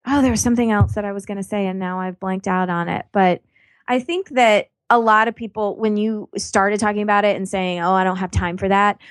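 Woman guest, encouraging and emphatic, dry close mic, mid pitch. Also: steady tone, brisk, dry recording. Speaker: podcast guest. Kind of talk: casual interview chat.

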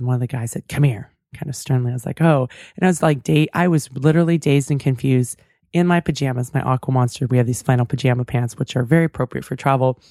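Woman host, mellow dark voice, chatty storytelling, dry close sound. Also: extremely low pitch, no room sound. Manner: chatty and reflective, with many fillers and asides. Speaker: podcast host. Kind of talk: casual storytelling monologue.

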